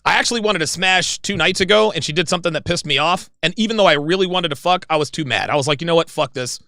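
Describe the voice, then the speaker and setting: A man in his forties hosting a livestream in casual chat, rambling and excitable. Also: high voice, quick pace, creaky, no room sound, studio quality. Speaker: livestream host.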